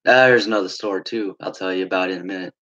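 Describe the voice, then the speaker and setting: A young man telling a long story in a casual, rambling way, swearing often and filling pauses with "like" and "uh". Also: deep voice, steady tone, fairly bright tone, muffled recording. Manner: rambling, swearing, frequent fillers.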